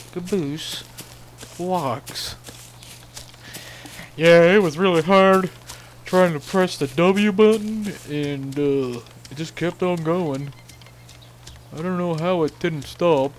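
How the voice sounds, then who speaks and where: A man's voice: on the high side, slight background noise. A young man giving casual, rambling commentary over a survival game, sarcastic and swearing freely. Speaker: gaming channel host.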